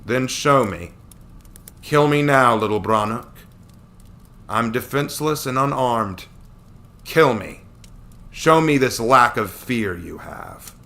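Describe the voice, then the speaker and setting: A man voicing a calm, stern, weary wandering man who speaks softly and measuredly, sometimes in a whisper, in a read-aloud fantasy story. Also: medium pitch, pitched above the performer's own voice, heavily acted. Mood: challenging. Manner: soft, measured, often whispered.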